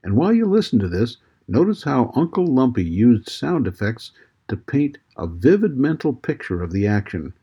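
Husky male presenter, wry, dull lo-fi sound. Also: mid-range voice, big pitch swings, normal speed. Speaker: radio presenter. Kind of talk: introducing an old recording.

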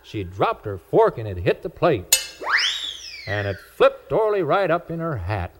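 A man's voice: on the high side, a little slow, noisy background. A man, telling a children's story in a folksy 1940s record style. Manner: folksy rural storytelling, lively voices. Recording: old record with music behind.

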